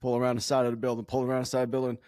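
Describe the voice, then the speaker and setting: A man's voice: medium pitch, monotone, very fast, darkish tone, no echo. A man with a mid-range voice tells crude, joking stories in casual podcast banter. He is recorded close and dry, with no room sound. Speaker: podcast co-host, former police officer. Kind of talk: casual storytelling chat.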